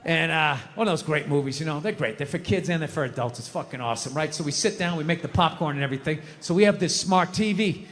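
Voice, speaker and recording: A man's voice: a little high, fast, a bit bright. A middle-aged man performing stand-up comedy, swearing a lot and acting out his own outbursts. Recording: reverberant hall, faint noise.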